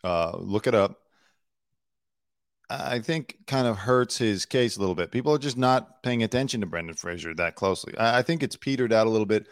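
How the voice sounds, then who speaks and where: Chatty, opinionated man, low dry voice. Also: animated, brisk, no room sound. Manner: chatty, opinionated, many fillers. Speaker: host. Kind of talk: solo news commentary show. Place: home studio in Los Angeles.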